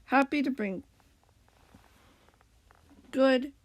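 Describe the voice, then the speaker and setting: A woman's voice: high-pitched, very slow, dry recording. A young woman reading a storybook aloud in a casual way, with chatty asides about her own slips. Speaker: reader.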